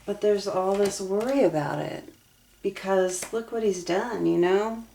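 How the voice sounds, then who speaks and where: A woman's voice: medium pitch, a little slow, gravelly, mellow, a little hiss or hum. A young adult woman giving a tarot reading, earnest and emotionally invested as she talks through the cards aloud. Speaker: tarot reader.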